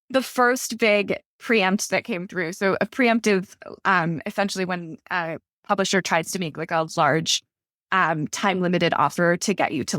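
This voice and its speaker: A woman's voice: medium pitch, fairly bright tone, dry recording, studio quality. A woman author in her thirties, chatting casually in a podcast interview and telling stories with many "like" fillers. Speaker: author guest.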